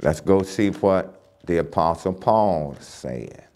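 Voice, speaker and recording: A man teaches a church Bible lesson in a low, unhurried voice. He hammers home key phrases by repeating them and reads scripture aloud with emphasis. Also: expressive, a little mellow.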